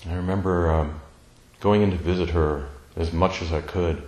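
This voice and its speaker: A man telling a personal family story in a slow, tender, reflective way, pausing often. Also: low-pitched, steady tone, a little mellow, roomy sound, rough recording. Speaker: speaker sharing a personal story.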